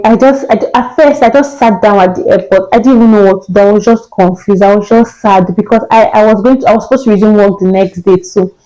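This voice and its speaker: Young nigerian woman vlogging about a trip, animated, acts out the convos, mellow warm voice. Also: mid-range voice, rough recording. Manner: animated, acts out quoted dialogue with laughs. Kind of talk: casual storytelling vlog.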